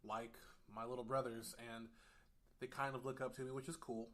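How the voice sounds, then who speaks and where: A man chatting as a podcast guest. His voice is bright and forceful at a middle pitch. He tells stories earnestly among friends. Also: level tone, moderate pace. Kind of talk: casual podcast banter.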